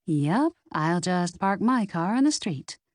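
A woman voicing a stressed young woman baker who sounds strained and forces brightness on the phone. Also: on the low side, sing-song, slow pace, no echo, clean studio sound. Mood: forced cheer.

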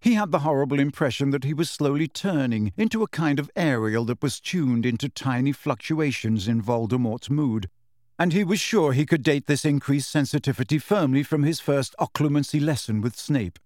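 A male audiobook narrator reads in a measured, storytelling cadence. His pitch sits in a middle range but moves with lively expression. The recording is dry and close, with no room sound. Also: dry recording. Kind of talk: scripted narration.

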